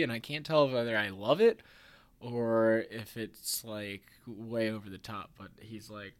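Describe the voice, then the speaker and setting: Podcast host, man in his 30s, rambling and wry, plenty of ums and false starts. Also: fairly low pitch. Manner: rambling, filler-heavy, self-interrupting; wry, chuckles at his own jokes. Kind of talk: casual podcast chat.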